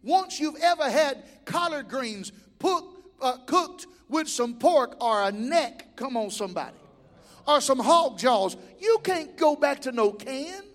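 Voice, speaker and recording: A man preaching in a church, his voice unusually high. He talks in a folksy way and climbs into shouted builds. The sound carries a long hall reverb. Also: lively intonation, unhurried. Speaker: pastor. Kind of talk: sermon. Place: church sanctuary.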